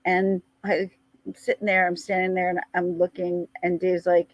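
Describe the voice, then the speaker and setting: A middle-aged woman telling a rambling personal story in a casual vlog, chatty and animated. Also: normal speed, no room sound, highs cut off. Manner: chatty, rambling, animated with frequent jumps in pitch. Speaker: vlogger.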